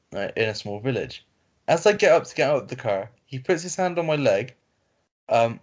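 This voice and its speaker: A man reads an online story aloud to his co-host over a call, stumbling and restarting often. His voice sits in a middle pitch, with fillers scattered through the reading. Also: a little mellow. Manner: reads haltingly with fillers and self-corrections. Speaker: podcast co-host reading stories. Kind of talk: casual chat, reading aloud. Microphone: video call. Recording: lo-fi call audio.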